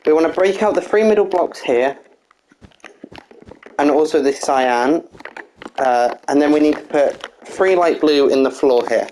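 A casual walkthrough narrator at a middle pitch, calmly explaining a block-by-block build. The voice counts pieces aloud and patiently fixes its own slips. A faint hiss sits under the recording. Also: measured pace, long pauses, poor audio. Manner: methodical step-by-step instructions, counting blocks aloud, frequent "uh"; apologetic, corrects own slips.

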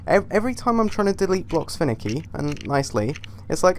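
A young man talks his way through a building game in a casual, unscripted commentary. He mutters half-sentences to himself, swears freely and lets his irritation show at every glitch. His voice sits at an ordinary middle pitch for a man. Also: animated, normal speed, hardly any pauses, slight background noise. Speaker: gaming YouTuber.

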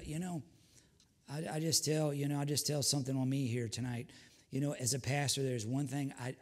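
A man's voice: medium pitch, fairly even intonation, normal speed, a little mellow. An older man, preaching a sermon as pastor, fervent with repeated hallelujahs and folksy asides.

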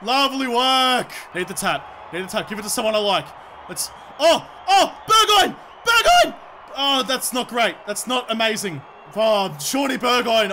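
A young Australian man with a high, bright voice that keeps breaking into shouts as he plays. He commentates his own match with rowdy, cheeky energy, over a faint hiss of background noise. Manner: shouts and cheers at the game, cheeky jokes. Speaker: gaming video creator. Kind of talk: excited gameplay commentary.

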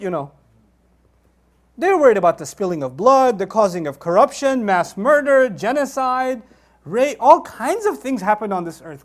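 Man giving a lively Quran commentary. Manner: animated, conversational, acts out quotes with rising pitch and laughter. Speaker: Islamic preacher.

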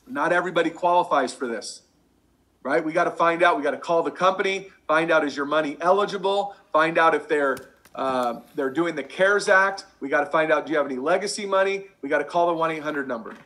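A man coaching a sales team, energetic and repetitive, drilling catchphrases over and over. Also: on the high side. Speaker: sales trainer. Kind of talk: energetic sales training talk.

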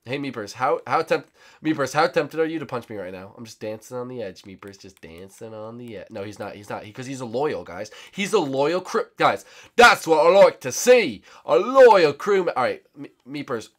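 A young man hosting a gaming channel, giving excitable, teasing commentary with sudden shouts. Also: medium pitch, brisk. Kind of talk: casual game commentary.

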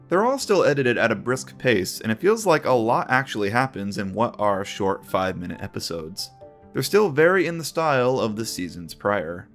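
A man's voice: medium pitch, a bit bright. A man hosting a video essay, giving opinionated, conversational commentary on a children's TV series.

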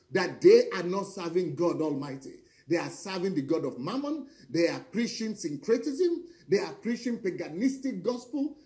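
A middle-aged pastor with a high, slightly mellow voice delivers a fiery preaching monologue. He declaims confrontationally, firing off pointed rhetorical questions.

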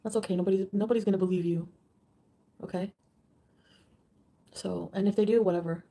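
A woman's voice: medium pitch, steady tone, a little fast, mellow, slight background noise. A woman live streaming, reading out viewer comments in an emotional way and swearing often.

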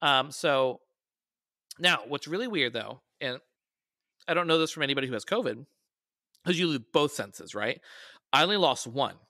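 A man's voice: medium pitch, animated, normal speed, long pauses, bright, forceful tone, no room sound, clean studio sound. A man, a podcast guest, telling a story in casual conversation and raising his voice when quoting people.

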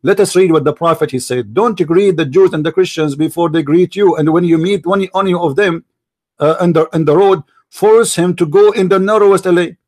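A man's voice: high-pitched, fairly quick, darkish tone. A man whose first language is Arabic, hosting a heated live online debate, taunting and repeating himself as he talks over his opponent. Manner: taunting, repetitive, talks over the other speaker. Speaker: debate host.

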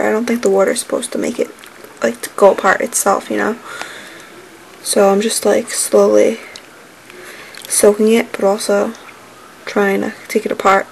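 A woman's voice: medium pitch, creaky, slight background noise, rough recording. A young woman chatting casually on her home vlog, bubbly and full of "like" fillers. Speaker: vlogger.

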